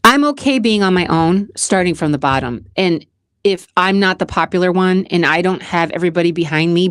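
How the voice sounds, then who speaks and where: A woman's voice: fairly low pitch, clear, resonant tone, no echo. Earnest woman with a dry, close sound. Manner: earnest, repetitive, emphatic. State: close to tears at times. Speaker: channel host. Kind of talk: personal motivational monologue.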